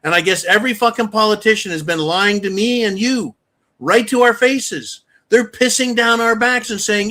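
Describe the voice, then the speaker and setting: A man's voice: sits high, normal speed, sharp tone. A man hosting his own channel, delivering a heated, profane political rant. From United States. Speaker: channel host.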